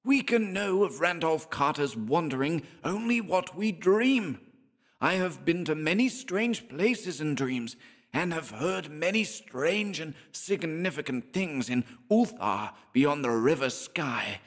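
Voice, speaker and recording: A man voicing an old man with a harsh, shrill voice who speaks dreamily and solemnly. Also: expressive, slow pace, exaggerated voice. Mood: dreamy. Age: older. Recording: long hall reverb.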